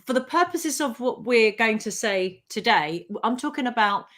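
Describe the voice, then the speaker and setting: Woman, radio legal expert, clear measured explaining, talk show. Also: fairly high pitch, animated, fairly bright tone.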